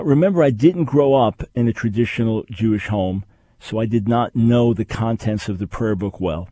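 A man's voice: lowish voice, dark tone, no echo. A middle-aged man hosting a call-in radio show, explaining his points in an earnest way. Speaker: radio talk show host. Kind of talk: call-in radio talk and teaching.

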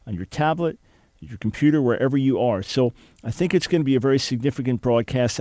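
Male radio host, mid pitch, dry close studio sound, earnest and emphatic. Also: dark tone, no echo. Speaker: radio talk show host. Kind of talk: talk radio hosting.

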